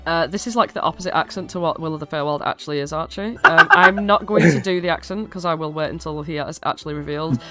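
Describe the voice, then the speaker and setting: A woman's voice: low voice, fast talker, hardly any pauses, sharp tone, soft background music. A British-accented woman narrating a tabletop game as game master, casual and chatty with many fillers. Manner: casual, lots of ums and likes.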